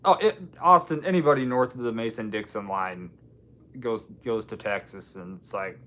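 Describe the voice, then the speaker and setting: Man, low voice, rambling, joking, chatting with viewers, faint background hum. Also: normal speed, fairly bright tone. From Washington State. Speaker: livestream host. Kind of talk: casual live-stream chat.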